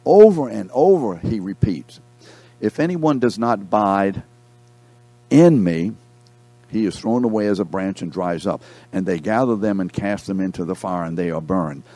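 Man teaching a Bible class, low and mellow. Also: normal speed, no room sound. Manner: reads scripture aloud, breaks off to quiz the class; repeats key words for emphasis.

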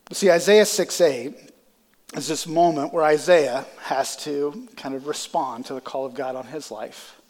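Speaking a little slowly, a pastor whose voice sits on the high side with a darkish tone preaches in a church sanctuary, where a long reverb tail follows his words. He sounds stuffy from congested sinuses, and the sermon rises to impassioned peaks.

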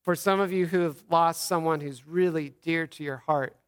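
A pastor's Easter sermon delivered by a man in his thirties with a notably high-pitched voice. He tells the story earnestly, slowing to voice quoted words softly. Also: steady tone, clean tone.

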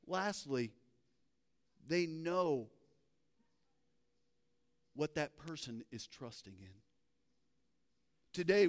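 A male pastor delivers a sermon in a church, mixing scripture reading with playful, animated storytelling. His voice sits high and he takes his time. A long hall reverb trails after each phrase. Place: church sanctuary.

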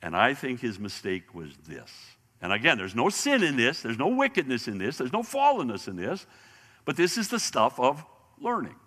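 A man teaching a Bible lesson in sermon style, animated and often restarting his words, speaking to an audience in a large hall. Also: mid-range voice, normal speed. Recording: long hall reverb.

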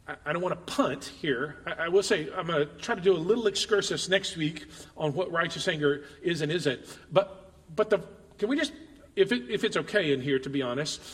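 Male pastor, chatty sermon style, stumbles and repeats, high voice, echoing sanctuary. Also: a bit bright. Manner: conversational, repeats words, addresses congregation directly. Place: church sanctuary.

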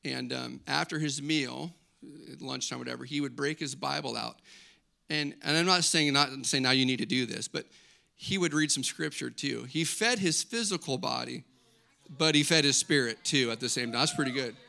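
A middle-aged man preaching a sermon as pastor, conversational and energetic, asking the congregation questions and joking with asides. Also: mid-range voice, moderate pace, gravelly.

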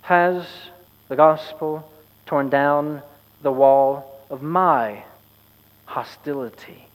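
A man preaching a sermon as pastor, earnest and measured with wry asides. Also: fairly high pitch, big-room sound, rough recording.

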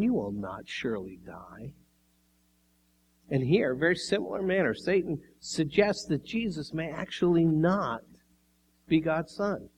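A man preaching a sermon with measured delivery, pressing his points with rising emphasis, with a few coughs along the way. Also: fairly high pitch, slight background noise, poor audio. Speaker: pastor.

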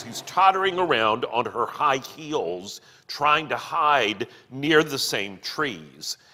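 A man retelling and explaining a book chapter in an animated way, acting out the quotes. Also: mid-range voice. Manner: animated, acts out quoted lines. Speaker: teacher of a literature series. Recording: long hall reverb.

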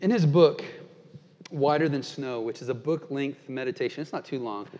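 A man pastor preaching a sermon, earnest and dynamic, slowing down for emphatic quotations and dropping soft and low at times. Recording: dull sound with long reverb in a large hall.

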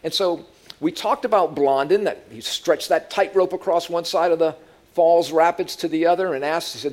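A man's voice: on the high side, normal speed. A man giving a conversational sermon as a Bible teacher, telling humorous stories and asking the audience questions.

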